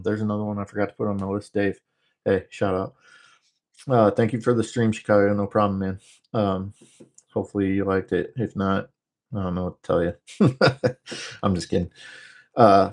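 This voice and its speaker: A man from the northern United States hosting a casual livestream, talking fast and rambling through jokes while he reads out viewer comments. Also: fairly low pitch. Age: adult, former military. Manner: rambling, joking, talks fast. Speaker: livestream host.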